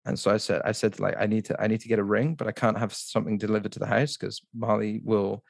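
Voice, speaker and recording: A man's voice: on the low side, little pitch movement, quick pace, vocal fry, dry recording, studio quality. A man speaking as a podcast guest, telling a story in a casual, rambling way with lots of "like" and restarts.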